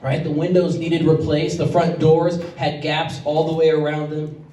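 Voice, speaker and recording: A distant recording in an echoey church hall captures a pastor with a fairly high, mellow voice preaching at normal speed with flat delivery. His sermon unfolds as conversational storytelling, and he is choked up at times.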